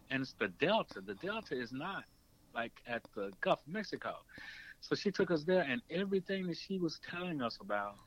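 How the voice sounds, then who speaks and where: A man, a documentary filmmaker and former radio producer, telling a long story in an interview and acting out the people he quotes. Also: muffled recording. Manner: animated, acts out quoted voices with pitch jumps.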